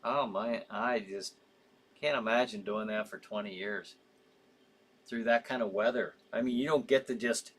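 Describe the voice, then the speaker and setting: A man's voice: medium pitch, fairly even intonation, fairly bright tone, slightly rough. Man, live show host, casual chat, reads viewer comments, rambling, sympathetic, laughs easily. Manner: rambling, sympathetic, quick to laugh, many fillers and restarts.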